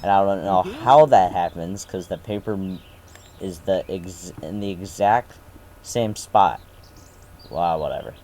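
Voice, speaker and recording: A man's voice: deep voice, measured pace, a little mellow, slight background noise. A man giving casual let's play commentary, reading game text aloud with dry, sarcastic asides.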